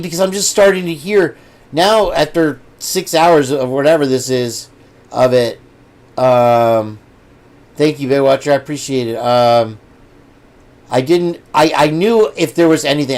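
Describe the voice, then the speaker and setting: A man's voice: fairly high pitch, darkish tone. A man hosting a casual livestream, rambling and chatting straight to his viewers. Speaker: host.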